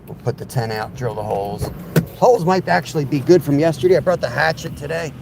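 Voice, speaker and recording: A man with a slightly sound talks casually while setting up to fish outdoors. His voice is fading and a little rough from overuse. A faint hum of passing cars sits behind him. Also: on the high side, animated, brisk. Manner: easygoing, explains gear as he sets up. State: losing his voice. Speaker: fishing channel host. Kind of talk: casual live-stream chat. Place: outdoors at a lake in fog.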